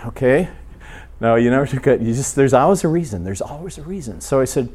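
A man preaching a sermon, telling a story and acting out prayers, often dropping to a near hush. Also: mid-range voice, brisk, husky. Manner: animated storyteller, acts out prayers, drops to a hush.

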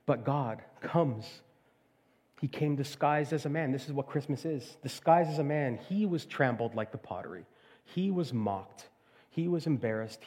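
Middle-aged pastor telling a story. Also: male voice, medium pitch, darkish tone. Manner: storytelling, retelling a fairy tale with voices and asides. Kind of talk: sermon.

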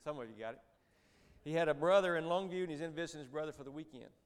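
A man's voice: a little high, rapid-fire, clear, resonant tone. Lay speaker, man, fifties, folksy storyteller with dry humor. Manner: conversational, folksy, with joking asides. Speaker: Christian businessman speaker. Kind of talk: storytelling church talk.

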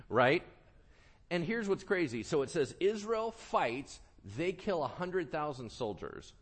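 A male pastor preaching a sermon, swinging from quiet earnest talk to loud animated bursts and acting out quoted voices. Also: medium pitch, unhurried, husky.

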